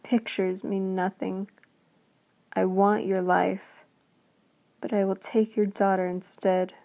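Woman whispering as Beast, a gravelly growling male monster. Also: medium pitch, little pitch movement, warm tone. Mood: angry growl. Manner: slow, growling, spitting words. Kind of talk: whispered role-play.

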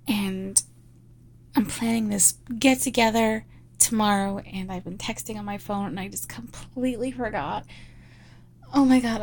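A woman's voice: fairly high pitch, a little hiss or hum. A woman voicing a nervous, apologetic young office worker who stammers and pleads breathlessly in an improvised audio role-play.

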